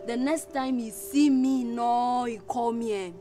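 An actress speaking Nigerian Pidgin plays a sassy young woman who scolds and threatens a suitor loudly in a comedy skit. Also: on the high side, steady tone, a little slow, lightly acted. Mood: threatening. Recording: music playing behind.

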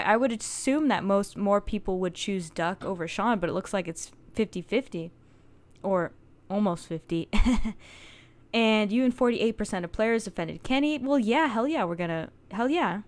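A woman's voice: medium pitch, expressive, normal speed. A young American woman hosting a casual let's play, chatty, jokey and swearing freely. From United States. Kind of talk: casual gameplay commentary.

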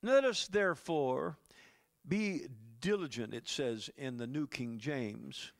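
A man's voice: medium pitch, expressive, takes it slowly, vocal fry. A man preaching a sermon as pastor, talking conversationally to the congregation with chuckles and asides.

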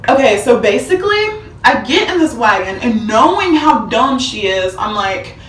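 A woman's voice: a little high, normal speed, reverberant, far from the mic, slight background noise. A young woman telling a dramatic storytime vlog, acting out quotes with bursts of laughter. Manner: animated, dramatic retelling with acted-out quotes and laughter. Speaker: vlogger.

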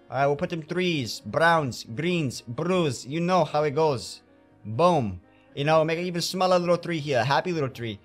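A man's voice: on the high side, lively intonation, fairly quick. A man giving theatrical let's play commentary, talking to himself as he paints in a game, with faint game music behind him. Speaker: gamer playing a painting game.

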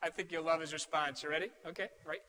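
A man giving a storytelling keynote speech to a room full of people, animated and conversational, dropping to a near hush for punchlines. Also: a little high, quick pace. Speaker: keynote speaker. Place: large room with an audience.

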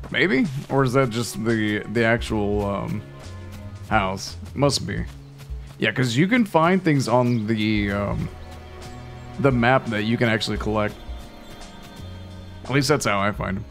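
A man's voice: on the low side, expressive, unhurried, pauses often, fairly bright tone, faint music behind. Easygoing man chatting over gameplay. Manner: rambling, easygoing. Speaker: game reviewer. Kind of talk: casual gameplay commentary.

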